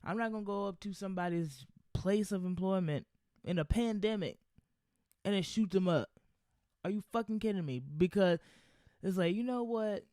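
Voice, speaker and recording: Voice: mid-range voice, moderate pace, dark tone, dry recording, studio quality. A podcast host giving solo commentary in a heated, profane, rambling rant. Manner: loose, rambling with restarts.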